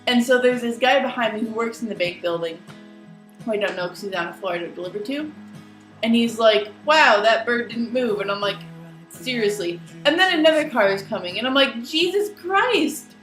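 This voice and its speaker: Speaking fairly quickly in a higher register, a young woman shares an amusing slice-of-life tale on her vlog. She's lively and talkative, doing the voices of the people involved. Her voice comes from afar in an echoey space, faint music underneath.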